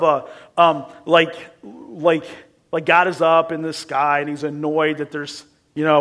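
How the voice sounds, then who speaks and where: A man preaching a sermon in an animated, emphatic way, with casual asides and acted-out quotes. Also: fairly high pitch. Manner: acts out quotes in a shifting voice.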